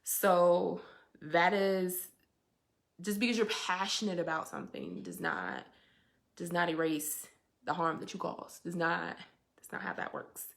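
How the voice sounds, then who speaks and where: A young adult woman hosting her weekly update as an educator, talking in a casual, reflective way with emphatic, animated stretches and colloquial asides. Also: on the low side, measured pace, creaky.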